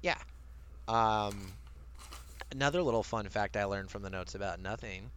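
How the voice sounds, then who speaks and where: A man co-hosting a casual podcast chat, animated, swearing casually and laughing often. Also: lowish voice, normal speed, slight background noise. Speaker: podcast co-host. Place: lives near Maryland.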